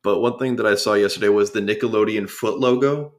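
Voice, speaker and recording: A man chatting casually on a gaming podcast, halting with restarts and "uh"s. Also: lowish voice. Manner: hesitant, stammers and restarts. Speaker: podcast co-host. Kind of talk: casual chat.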